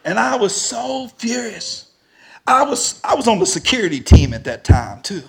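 High gravelly preacher man. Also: normal speed. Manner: animated, rising to shouts at the peaks. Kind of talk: storytelling sermon.

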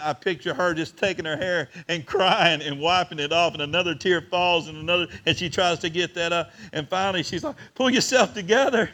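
A man preaching to his congregation, his voice climbing to loud and then sinking to a near whisper. His tone is bright and a little high for a man. He tells the story with open emotion. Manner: emotional, swings between loud and hushed. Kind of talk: sermon.

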